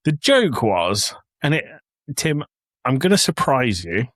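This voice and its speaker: A man's voice: medium pitch, very animated, unhurried, fairly bright tone, no echo. A young English man co-hosting a podcast, telling a story in a joking way and laughing often. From England. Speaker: podcast co-host. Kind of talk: casual chat. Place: home office.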